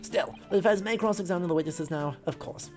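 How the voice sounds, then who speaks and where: A woman's voice: lowish voice, music in the background, close to an everyday voice. A woman voicing a stern, skeptical older male judge who speaks formally and drily. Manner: formal, dry, measured.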